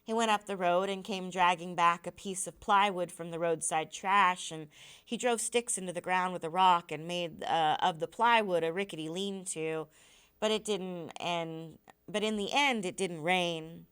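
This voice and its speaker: A woman teacher reads a novel aloud with a measured, even delivery. Her voice is smooth and clear, sitting on the low side.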